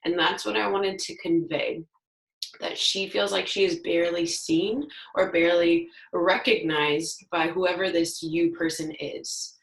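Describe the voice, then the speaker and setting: A young woman teacher thinking aloud as she explains a poem to her students step by step, pausing on fillers, in a dim room. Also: on the low side, fairly even intonation, gravelly, roomy sound, poor audio. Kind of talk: read-aloud lesson for students.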